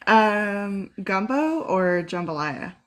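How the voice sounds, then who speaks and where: A Southern woman co-hosts an online town hall from a video call. She fires off quick questions in an upbeat, chatty tone and laughs easily between them. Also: mid-range voice, sing-song, fairly bright tone. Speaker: co-host asking questions. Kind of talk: rapid-fire interview questions.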